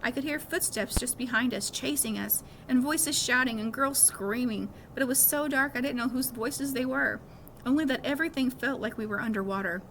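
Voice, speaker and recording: A woman reading a children's novel aloud with lively storytelling. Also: high-pitched, moderate pace, a little hiss or hum. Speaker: reader of a novel.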